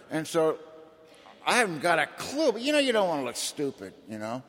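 A man's voice: fairly high pitch, huge pitch swings, brisk, fairly bright tone, slight background noise. A man giving an earnest, folksy personal testimony at a recovery meeting. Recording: long reverb in a hall.

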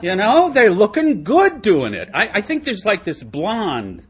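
A middle-aged man giving an animated, self-mocking, humorous talk as speaker at a recovery meeting, laughing often. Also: high-pitched, unhurried, a little hiss or hum. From United States.

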